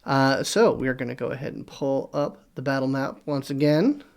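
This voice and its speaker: A man narrates as game master for a tabletop game, pausing often and filling gaps with hesitant sounds. His voice sits at an ordinary middle pitch. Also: creaky, clean tone. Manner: hesitant, many filler sounds.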